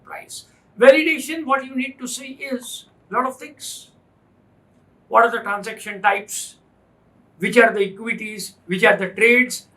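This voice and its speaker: In a very high, pushed and bright voice, a man with an Indian English accent delivers a finance class lecture over poor audio. He's emphatic, hammering points home through repetition and rhetorical questions.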